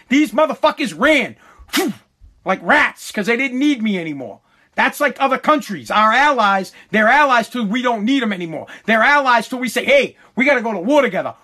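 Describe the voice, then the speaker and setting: A man telling a long personal story in a casual, profane way, swearing freely and tripping over his words as he goes. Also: very high voice. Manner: animated, swears freely, stumbles and repeats words.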